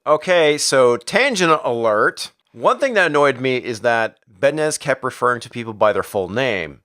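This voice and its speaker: A man's voice: medium pitch, big pitch swings, moderate pace, fairly bright tone. Profane sarcastic man reviewing comics. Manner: profane, sarcastic, jumps into character voices. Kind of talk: casual crude recap with acted quotes.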